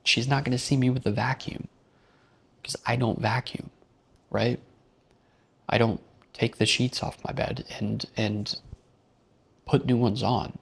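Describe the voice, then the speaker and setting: A man ranting in an unscripted monologue, blunt and profane, rambling from point to point. His voice is gravelly and raspy at a middling pitch. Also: flat delivery, unhurried, pauses often, a bit bright. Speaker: vlog host. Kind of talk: casual rant monologue.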